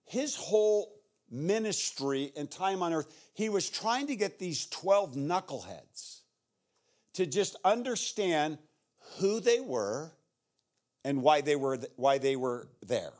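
American guy preaching, voice jumps all over the place, a bit high for a man, goes loud then real quiet. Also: slow pace. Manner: animated preaching, acts out shouted Bible voices, drops to hushed prayer. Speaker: guest pastor. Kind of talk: sermon.

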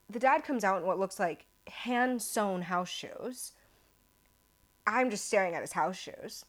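An American woman with a voice of ordinary pitch hosts her own show and tells stories in a loose, chatty way. She is animated and pokes fun at herself. She keeps exaggerating for comic effect. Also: unhurried. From United States. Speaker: podcast host. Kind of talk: casual storytelling.

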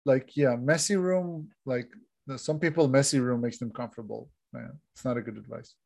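Brief: mid-pitched man, loose advice-giving podcast co-host, frequent restarts. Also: normal speed, creaky, a little mellow.

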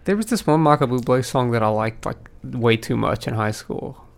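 A young man co-hosting a casual podcast, his voice gravelly with vocal fry. He rambles in a relaxed, self-deprecating way. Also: mid-range voice, normal speed. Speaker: podcast co-host. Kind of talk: casual chat.

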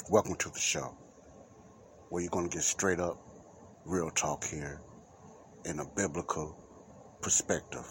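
Slow, deep-voiced man hosting a Christian podcast. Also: fairly even intonation, fairly bright tone, slight background noise. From United States. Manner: rambling, emphatic preacher-like delivery. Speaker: podcast host. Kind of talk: Christian talk podcast monologue.

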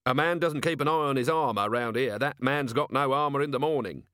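A man's voice: medium pitch, a little fast, sharp tone, no room sound, close to an everyday voice. A hard-bitten city watch commander, as a male audiobook narrator plays him, with a dry, sarcastic streetwise edge. His mid-range voice sounds plain and close-miked in a dead studio. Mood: sardonic. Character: gruff, sardonic middle-aged male city watch commander.

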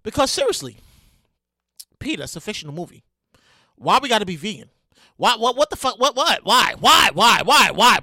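Loud, excitable podcast host. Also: mid-range voice, moderate pace, pauses often, no echo, clean studio sound. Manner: loud, animated, laughs and shouts often. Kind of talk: casual commentary rant.

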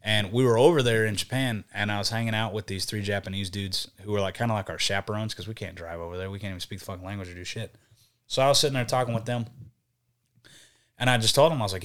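Profane storytelling young man, lowish voice. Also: quick pace. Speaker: podcast guest, band vocalist. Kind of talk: casual podcast chat.

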